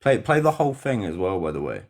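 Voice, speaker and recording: A man's voice: deep voice, very animated, fast talker. A British man calling into a live stream, arguing in a sarcastic, condescending way. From Britain.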